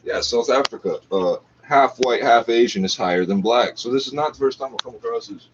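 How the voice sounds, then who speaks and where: This internet radio talker has a medium pitch and a brisk delivery as he rants angrily and profanely over the feed, sometimes impersonating others. His audio comes through a dull, lo-fi mic with a little background noise.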